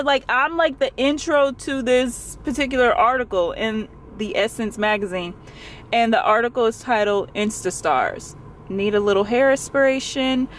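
A young woman vlogging from her car, gasping and exclaiming as she talks quickly and excitedly. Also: on the high side, a little hiss or hum. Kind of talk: excited casual vlog. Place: in a parked car. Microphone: phone camera held close.

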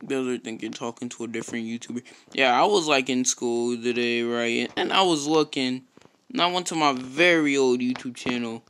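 A man giving casual gameplay commentary, swearing constantly and breaking into loud frustrated outbursts. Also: mid-range voice, normal speed, clear, resonant tone, rough recording. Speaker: gamer and YouTuber.

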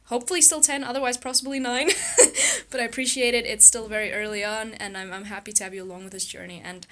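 A young woman in a casual vlog, talking softly and reflectively, with frequent laughs and a gentle self-soothing manner. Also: medium pitch, fairly even intonation, quick pace. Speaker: YouTuber.

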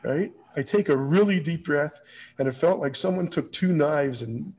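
An older man from New York with a New York accent, a guest telling lively stories in an interview. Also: on the high side, normal speed. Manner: animated anecdotes with quoted voices. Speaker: guest, lighting designer. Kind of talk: storytelling interview.

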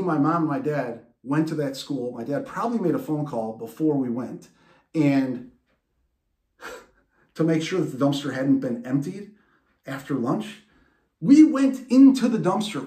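A man hosting a podcast and telling a personal story in an animated way, with restarts and laughs. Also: fairly high pitch, a little slow, echoey room. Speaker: podcast host. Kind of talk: storytelling monologue.

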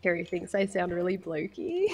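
A woman's voice: on the low side, very animated, moderate pace, darkish tone. An Australian woman chatting while gaming, her voice nasal from a sinus problem, reading game text aloud. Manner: laughs often, reads game text aloud. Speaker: co-player. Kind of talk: casual chat while gaming.

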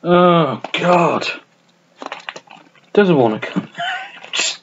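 A man chatting casually to camera about his film collection, rambling and swearing with many restarts and self-mocking asides, in a small warm room at home. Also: fairly high pitch, expressive, very slow, muffled recording, slight background noise. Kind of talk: casual unscripted chat to camera.

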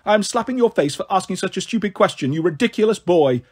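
A man voicing a fussy, pompous male statue god who scolds in a shrill teacher voice. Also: lively intonation, quick pace, a little mellow, breathy edge. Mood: scolding.

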